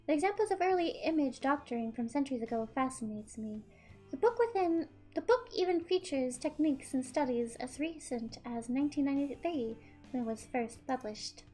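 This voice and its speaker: A woman putting on a gloating psychopathic young woman from a visual novel, cool and smirking, her voice pitched high yet kept low and hushed, with soft music playing faintly underneath. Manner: cold, smirking, low and quiet delivery. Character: smug psychopathic young woman who fakes deaths. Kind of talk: reading a visual novel aloud in character.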